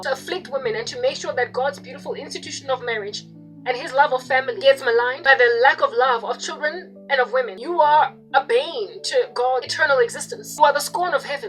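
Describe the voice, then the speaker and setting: A woman's voice: sits high, fairly bright tone, rough recording. A young woman in her twenties giving an impassioned religious monologue, fervent and emphatic, repeating her warnings. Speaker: Christian video preacher.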